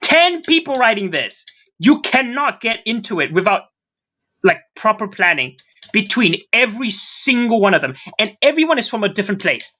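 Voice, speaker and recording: A man's voice: high voice, sing-song, moderate pace, pushed and bright. A man co-hosting a podcast in casual chat, rambling and sarcastic, swearing casually. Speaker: podcast co-host.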